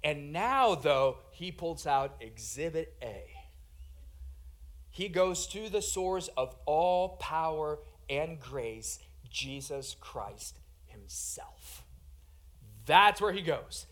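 A man preaching a sermon, swinging from loud emphatic lines to hushed quiet ones and calling his listeners "guys". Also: a little high, animated, takes it slowly.

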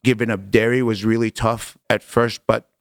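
A man's voice: lowish voice, flat delivery, normal speed, no room sound, studio quality. A man, a podcast guest, telling his story in conversation, earnest and emphatic, repeating phrases for weight.

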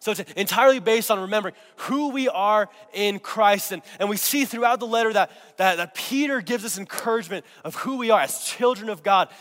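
A man's voice: high-pitched, fairly quick, hardly any pauses, a bit bright. A male pastor preaching a sermon while getting over a cold, drawing the congregation into call-and-response. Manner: call-and-response, prompting the congregation to repeat words. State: recovering from a cold. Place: church sanctuary. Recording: long hall reverb.

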